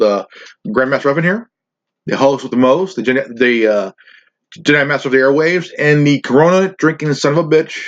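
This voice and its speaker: A man's voice: mid-range voice, dull audio. A man hosting a podcast in a crude, rambling monologue, swearing, ranting and stumbling over his words. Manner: profane, ranting, stumbling restarts. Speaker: podcast host.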